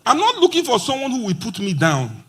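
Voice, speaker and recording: A man's voice: very high-pitched, wildly swooping pitch, a little fast, slightly rough. A man giving a playful motivational talk at a conference, acting out quoted dialogue. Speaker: conference speaker. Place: conference hall.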